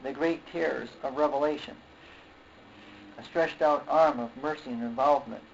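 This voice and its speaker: A man preaching a sermon in a halting way, repeating words, often saying okay and clearing his throat. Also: mid-range voice. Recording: dull lo-fi recording with faint noise.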